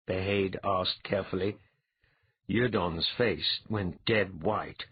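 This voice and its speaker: Husky male audiobook narrator, tinny sound. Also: fairly low pitch, takes it slowly, no room sound. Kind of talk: scripted narration.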